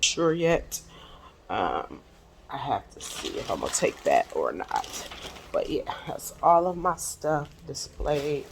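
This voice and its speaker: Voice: mid-range voice, wildly swooping pitch, slow, gravelly, background noise. A crochet vlogger chatting casually and rambling aloud, out of breath as they talk through their market prep. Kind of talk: casual chat.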